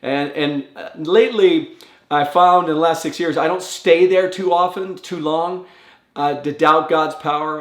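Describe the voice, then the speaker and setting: Male pastor, earnest and conversational, slightly high voice, echoey room. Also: fairly bright tone. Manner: earnest, conversational, acts out quoted prayers with rising pitch. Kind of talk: short devotional talk.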